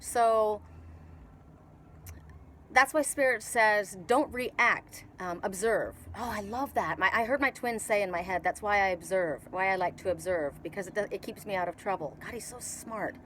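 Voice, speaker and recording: A woman's voice: medium pitch, normal speed, a bit bright, low-quality recording. Canadian woman, middle-aged, tarot reader, casual rambling talk, restarts and fillers, outdoor patio, faint background noise. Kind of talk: casual spiritual reading.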